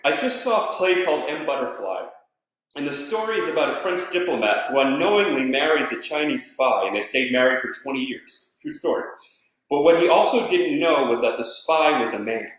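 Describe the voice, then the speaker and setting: Man, comedian, casual home live stream, rambling, swears a lot, very animated, roomy echo. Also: fairly high pitch, brisk. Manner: rambling, swears freely, restarts often. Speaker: stand-up comedian. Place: family living room. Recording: echoey living room.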